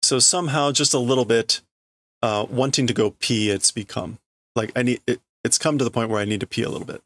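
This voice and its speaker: A man reading a comic aloud on a stream, translating it line by line in a halting way as he thinks it through. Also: medium pitch, fairly bright tone, dry recording. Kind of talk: casual read-through stream.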